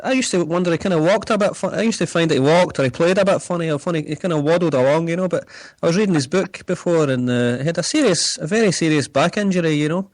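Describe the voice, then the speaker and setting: A man's voice: on the high side, quick pace, few pauses, no room sound. A man in a casual football chat, rambling and chatty.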